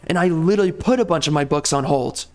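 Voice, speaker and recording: A man's voice: a little high, fast talker, darkish tone. A young man with a profane, heated, repetitive way of talking, delivering an angry rant to the camera. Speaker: gaming YouTuber.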